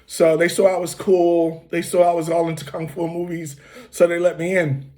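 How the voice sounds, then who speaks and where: A man from the United States hosting, telling a relaxed, rambling story full of fillers and restarts, with occasional coughs. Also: a little high, normal speed. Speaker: host. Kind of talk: casual storytelling.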